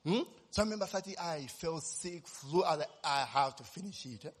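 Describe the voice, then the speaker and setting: A man's voice: a little high, lively intonation, moderate pace, husky, long reverb tail. A man, preaching a sermon as personal testimony, telling his story animatedly and constantly tossing in tag questions.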